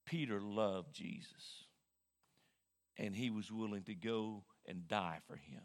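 A male pastor preaching a sermon in an animated way, often repeating words as he thinks. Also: fairly low pitch, slow pace. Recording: long hall reverb.

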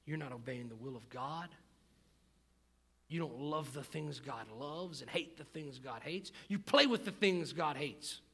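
A man preaching a sermon, reading scripture aloud and swinging between quiet, low asides and loud, emphatic passages with repeated words for emphasis. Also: unhurried, husky. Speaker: pastor.

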